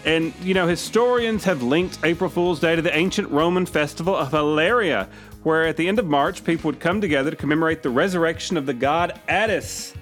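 A man's voice: on the high side, a little fast, a bit bright, faint music behind. A man co-hosting a radio show, chatting playfully through the segments. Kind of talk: comedic radio banter.

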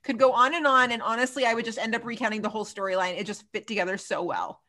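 Chatty higher-voiced woman recapping TV. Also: fast. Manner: animated, laughing, lots of "like" and "so funny". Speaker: podcast co-host. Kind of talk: casual chat recapping TV episodes.

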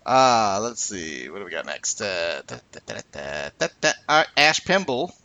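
A man's voice: low-pitched, sing-song, normal speed, bright, forceful tone, dry recording, dull audio. A man hosting a casual sports podcast, reading listener comments with laughing asides.

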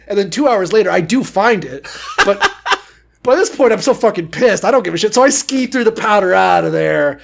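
A man's voice: high-pitched, expressive, moderate pace, creaky. A man co-hosting a podcast, telling a profane, rambling story in casual chat, with stammered restarts. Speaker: podcast co-host.

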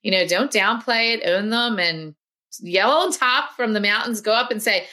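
A woman's voice: mid-range voice, moderate pace, sharp tone. A woman, a health coach and podcast guest, talking earnestly and encouragingly in casual conversation.

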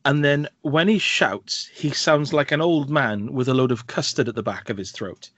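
A man's voice: mid-range voice, moderate pace, a bit bright, no echo. A man, co-hosting a casual film review podcast, rambling and correcting himself as he goes. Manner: chatty, rambling with frequent fillers and self-corrections. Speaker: podcast co-host. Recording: dull lo-fi dry sound.

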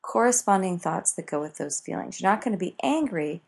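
A woman teaching self-help ideas in a motivational talk, expressive and acting out everyday examples. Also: on the low side, fairly quick, creaky, husky.

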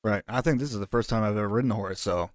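A man's voice: on the low side, racing, no echo, natural voice. Male player as a small, shy adventurer, friendly and hesitant. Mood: nervous. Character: small, timid first-time rider adventurer.

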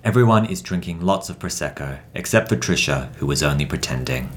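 Brief: dry male narrator, deep, lively delivery. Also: brisk. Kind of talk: improvised comedy narration.

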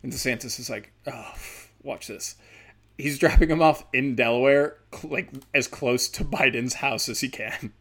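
A man's voice: mid-range voice, moderate pace, few pauses, a bit bright. A man, a stand-up comedian with a speech impediment, riffing in a rambling, profane podcast monologue. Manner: rambling, profane, many fillers.

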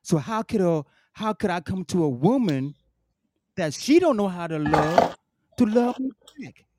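A man's voice: high voice, animated, a little slow, a little mellow. A man hosting a podcast, arguing emphatically, cutting in again and again to make his point. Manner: emphatic, keeps interrupting with repeated "listen". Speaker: podcast host. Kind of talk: heated casual debate.

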